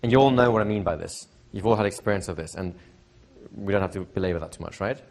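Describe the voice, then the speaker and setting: Teaching hypnosis to a live seminar, this middle-aged man talks fast in a lowish, slightly mellow voice with vocal fry. His style is conversational and repetitive, and he frequently asks the audience questions.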